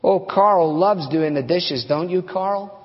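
A breezy young wife with an Australian accent chirps in a high sing-song lilt, as a male preacher puts her on. She takes it for granted that her husband is happy with his chores. The sound is a little dull, with a long reverb trailing off the hall walls. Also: slow. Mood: breezy teasing.

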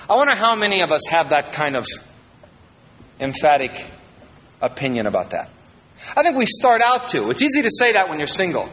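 A pastor from Iowa preaching a sermon, reading verses and adding jokey asides, swinging between loud and quiet. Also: male voice, on the high side, big pitch swings, moderate pace, big-room sound, poor audio.

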